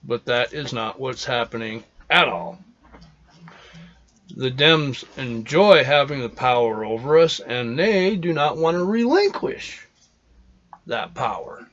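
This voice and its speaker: A man's voice: medium pitch, lively intonation, slow, a bit bright, dull audio. A man hosting a casual show, rambling through opinions in a loose monologue, swearing often and restarting his sentences. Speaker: podcast host.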